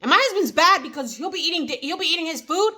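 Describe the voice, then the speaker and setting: A woman's voice: very high-pitched, lively intonation, fast talker, bright, forceful tone. A woman with a New Jersey accent chatting casually to the camera in an eat-and-chat vlog, rambling with many fillers and restarts. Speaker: vlogger.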